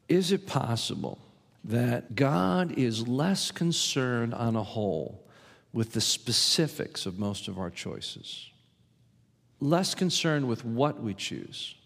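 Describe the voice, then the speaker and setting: A man's voice: on the low side, gravelly. A man preaching a sermon as pastor, earnest and emphatic, leaning hard on key words. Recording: long hall reverb.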